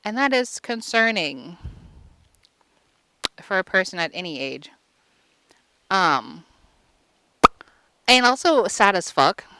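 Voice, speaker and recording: A woman's voice: medium pitch, big pitch swings, slow, long pauses, background noise. A woman vlogger giving a casual comic movie recap, crude and rambling with lots of fillers.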